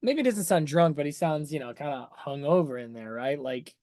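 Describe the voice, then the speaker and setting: A man's voice: a little high, fairly quick, darkish tone, dry recording, clean studio sound. A man hosting a casual livestream where he breaks down a song, enthusiastic and chatty, often checking in with "right?" as he explains music terms to his viewers. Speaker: music analysis streamer.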